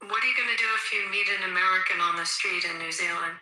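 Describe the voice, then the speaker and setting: Casting note: quick, bright woman pressing a caller with sharp questions, echoey sound. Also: on the low side. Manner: skeptical, pointed, rapid questions.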